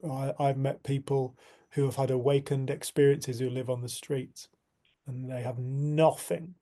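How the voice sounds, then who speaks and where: A man leading a community group, speaking in a reflective spiritual talk and telling a story in an earnest, unhurried way. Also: medium pitch, flat delivery, warm tone.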